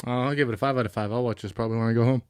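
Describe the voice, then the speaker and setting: A man's voice: medium pitch, fairly even intonation, racing, a little mellow, clean tone, no echo. A man co-hosting a podcast, teasing and wisecracking in casual chat. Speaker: podcast co-host.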